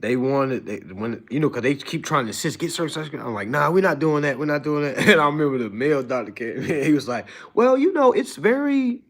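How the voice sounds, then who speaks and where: Fast and with few pauses, the same animated host rants to his stream in a casual monologue. He keeps saying "y'all" to viewers and throws in mocking, high-pitched impressions.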